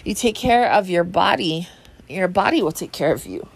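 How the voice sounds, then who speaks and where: A woman's voice: on the low side, animated, normal speed, creaky, breathy edge. A woman, hosting a podcast and telling a story in a casual way. She talks freely, swears, laughs often and says "you know" a lot. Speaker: podcast host.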